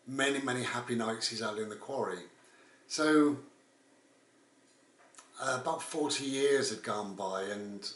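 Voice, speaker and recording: A man's voice: medium pitch, pushed and bright. A man, telling a rambling, casual story as a vlogger. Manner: rambling, with frequent "and all the rest of it". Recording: roomy, distant mic.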